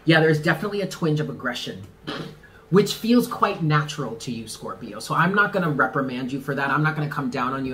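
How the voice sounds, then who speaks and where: A man giving a casual tarot reading to the camera, talking in an animated, slangy way with swearing and laughs. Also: medium pitch, quick pace, slight background noise. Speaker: tarot reader.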